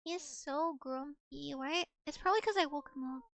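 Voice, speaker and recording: A woman's voice: high voice, moderate pace, a bit bright, dry recording. A young adult woman streaming from home as a VTuber, chatting casually and cooing affectionately at her cat, rambling with restarts. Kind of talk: casual live-stream chat.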